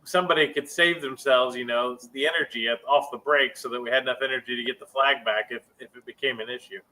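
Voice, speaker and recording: A man's voice: mid-range voice, fairly even intonation, fast talker, pushed and bright, low-quality recording. A laid-back man in casual chat who mostly answers with short agreeing replies.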